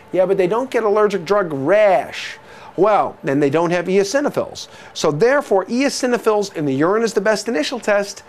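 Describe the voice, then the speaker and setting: A man's voice: sits high, lively intonation, normal speed. A man giving a jokey exam review lecture who quizzes listeners with rhetorical questions and repeats key terms.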